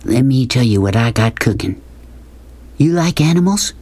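A man reading an audiobook, voicing a big, pushy, loud-talking man who hollers and hoots in a folksy drawl. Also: medium pitch, expressive, moderate pace, natural voice. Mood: scheming.

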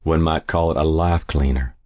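A man voicing a calm, sly old potion seller who talks politely and indifferently. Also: extremely low pitch, normal speed, no room sound. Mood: suave, indifferent.

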